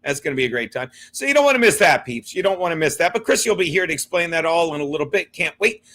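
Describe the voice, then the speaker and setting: A man's voice: on the high side, very animated, fast, sharp tone. A man hosting a casual livestream chat, bantering in a brash, profane way and laughing often. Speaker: host.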